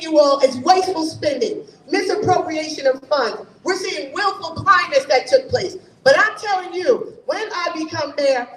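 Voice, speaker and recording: A woman's voice: very high-pitched, fairly bright tone. A woman from New Haven speaking as a mayoral candidate at a forum, emphatic and rousing, full of rhetorical questions. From New Haven, Connecticut. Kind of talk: campaign forum speech. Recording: echoey room from far off.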